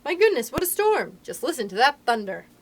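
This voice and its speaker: Casting: a bustling little doctor, kindly and fussy, brisk and pitched high with big swings, read by a woman. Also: big pitch swings, fairly bright tone. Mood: shouting reassurance.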